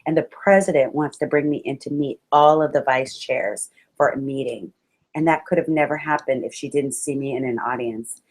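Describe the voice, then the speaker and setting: A woman motivational speaker giving a webinar talk on public speaking, addressing listeners as friends with animated, expressive delivery and sudden exclamations. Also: deep voice, normal speed.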